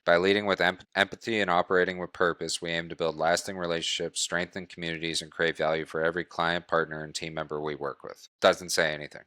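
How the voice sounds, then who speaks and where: A man coaching a group on wholesaling real estate, talking in a brisk, blunt way and swearing casually. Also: sits low, level tone, bright, forceful tone, dry recording, clean studio sound.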